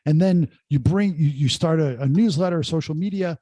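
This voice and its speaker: Middle-aged male entrepreneur guest, lively raconteur with quips, slightly high voice, dry sound. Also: normal speed, dry recording. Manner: animated storyteller, jokey asides. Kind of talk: casual podcast interview. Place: remote call.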